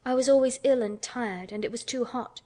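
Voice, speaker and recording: A woman's voice: fairly high pitch, a little fast, dark tone, voice pushed up, natural voice. A woman reading an audiobook, voicing an anxious, eager little orphan girl who speaks in a tremulous, pleading way.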